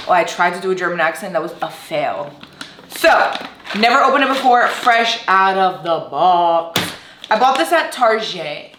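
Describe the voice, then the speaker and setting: A young Brooklyn, New York woman reviews coffee in a casual, rambling vlog about food and coffee, teasing herself now and then and greeting viewers in a sing-song way. Her voice is fairly low and expressive at a normal speed, in a reverberant space with background noise.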